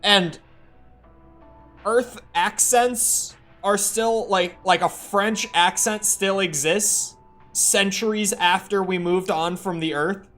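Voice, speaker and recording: A man's voice: sits high, slow pace, a bit bright, faint music behind. A man streaming a game, chatting casually with rambling, self-correcting, sarcastic asides. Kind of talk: casual gameplay commentary.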